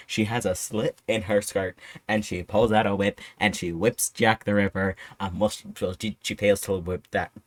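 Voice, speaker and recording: Low-voiced, excitable, swearing man. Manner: excitable, rambling, profane. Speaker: host. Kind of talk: casual movie review.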